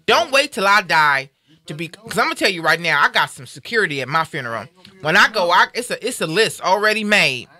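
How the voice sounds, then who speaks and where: A woman's voice: low-pitched, sharp tone, no echo. A middle-aged woman hosting a live stream, talking earnestly and emotionally in casual chat, often repeating herself. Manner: earnest, preachy, repeats phrases.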